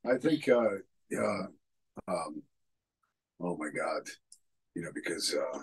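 A middle-aged man co-hosts a casual talk, his low voice slightly husky. He tells stories slowly, stopping for fillers, his pitch leaping around as he chuckles at himself. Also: lively intonation, rough recording. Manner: halting storyteller, many fillers, chuckles at his own story. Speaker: podcast co-host. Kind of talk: casual chat.

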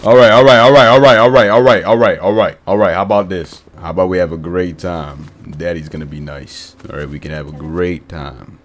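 A man putting on a pushy, creepy grown-man voice for comic game role-play, menacing and prone to sudden shouts. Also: very deep voice, fairly even intonation, moderate pace, few pauses, pitched below the performer's own voice. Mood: bossy.

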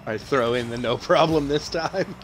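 A man's voice: medium pitch, moderate pace, soft background music. A man casually commenting on a video game he is playing, breaking into playful mock-announcer calls and exclamations. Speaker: gamer doing play-by-play.

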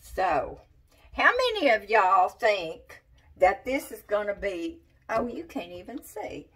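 A woman's voice: medium pitch, big pitch swings, slow pace, a bit bright, distant mic. A woman giving a casual cooking demonstration in a home kitchen, chatty and folksy, talking straight to her viewers. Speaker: cooking vlogger.

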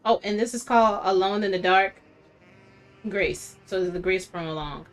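A woman's voice: medium pitch, normal speed, soft background music. A woman streamer giving casual, chatty commentary while playing a video game. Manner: chatty, talks to viewers. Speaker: gaming streamer.

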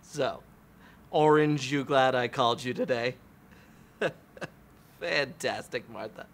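A man playing a smooth telemarketer giving chummy sales patter on a call, in a comedy audio drama. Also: mid-range voice, slow pace, a bit bright.

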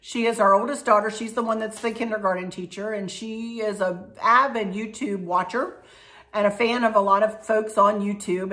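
A woman's voice: mid-range voice, bright, forceful tone. A woman in her fifties hosting a craft and decor channel, answering viewer questions in a folksy, rambling way and laughing often. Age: 50s. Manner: chatty and rambling, laughs often, restarts and digresses; folksy and affectionate. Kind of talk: casual Q&A chat to viewers.

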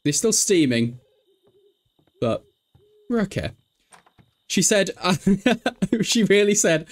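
Brief: young male streamer, raised voice, animated and giggly, bossing his game characters around. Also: fairly high pitch, slow pace, long pauses. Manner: excitable, laughing often, shouting at game characters. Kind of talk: casual game commentary. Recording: faint music behind.

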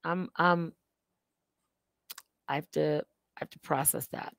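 A woman's voice: low voice, fairly even intonation, takes it slowly, a bit bright, dry recording. A woman hosting a casual livestream, rambling and laughing at herself. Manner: rambling, self-mocking, laughs often. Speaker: livestream host.

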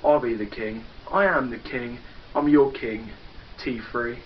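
A young man with an English accent taunts a rival in a swaggering, foul-mouthed wrestling promo. The recording is dull and lo-fi, with faint background noise, like an old home video. His voice sits at an ordinary middle pitch. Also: steady tone, measured pace. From England. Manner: boastful, taunting, profane. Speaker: backyard wrestler cutting a promo. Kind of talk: trash-talking wrestling promo.

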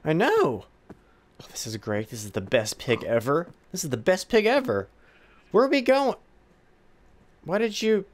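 This gamer's let's-play commentary comes at a moderate pace in a medium pitch, broken by long pauses. Playful remarks go to a pet pig, alongside humming and excitable squeals and gasps of alarm.

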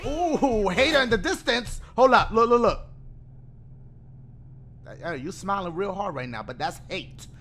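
A high-pitched man shouts and curses through his game commentary, his voice jumping all over the place. He drops to low mutters between the outbursts, and game music plays behind him. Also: expressive, a little slow, pauses often. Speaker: gaming YouTuber.

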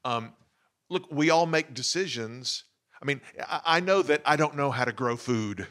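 A man's voice: mid-range voice, lively intonation, normal speed, fairly bright tone. A middle-aged man on a faculty panel, making points through joking personal stories. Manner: jokey, conversational, illustrates with personal stories. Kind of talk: panel talk with everyday anecdotes. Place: lecture room at an institute.

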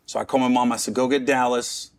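Talking fast in a mid-range voice with little pitch movement, a middle-aged comedian from Cincinnati guests and shares a candid personal story. He rambles along, restarting and dropping self-mocking asides.

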